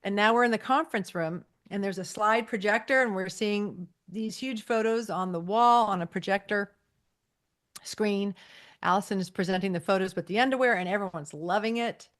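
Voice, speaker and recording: A woman's voice: medium pitch, normal speed, a bit bright. A woman co-hosting a podcast, chatting casually as she recaps an episode and acts out lines from the scenes. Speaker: podcast co-host.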